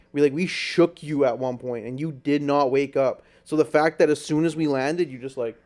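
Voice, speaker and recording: Laid-back mellow-voiced podcast man. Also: medium pitch, gravelly. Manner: laid-back storytelling, swears a lot. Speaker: podcast host. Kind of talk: casual chat.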